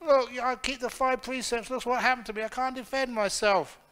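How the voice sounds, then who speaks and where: A man voicing a beaten-up male snake who complains indignantly in a high, loud voice. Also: fairly even intonation, moderate pace.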